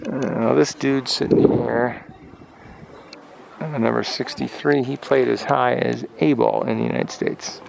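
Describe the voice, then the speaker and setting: A man's voice: medium pitch, fairly even intonation, a little slow, vocal fry. A man giving joking, chatty commentary at a ballpark for his sports travel vlog, filmed outdoors on a handheld camera. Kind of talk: casual play-by-play vlog commentary. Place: outdoor ballpark on a windy day. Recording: dull lo-fi camera audio with loud wind noise.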